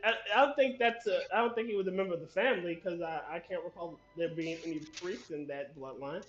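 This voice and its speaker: A man in a casual group podcast chat, quick and stammering, repeating his words. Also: sits high, a bit bright, dull audio, soft background music.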